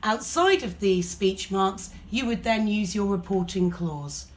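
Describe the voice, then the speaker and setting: A woman's voice: medium pitch, unhurried, a little hiss or hum. A woman teacher with an English accent, explaining a lesson patiently step by step. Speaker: primary school teacher.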